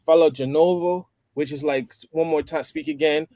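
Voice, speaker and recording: A man's voice: a little high, steady tone, normal speed, dark tone, dry recording. A man in a casual roundtable chat who talks at length, explaining phrases and practicing new words. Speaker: roundtable participant. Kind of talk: casual group chat over a stream.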